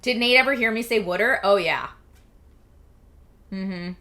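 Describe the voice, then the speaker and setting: A woman's voice: on the high side, animated, measured pace, pushed and bright. A woman in her thirties from the Philadelphia area, chatting casually and animatedly with her stream viewers, laughing often and saying "like" a lot. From Philadelphia and New Jersey area.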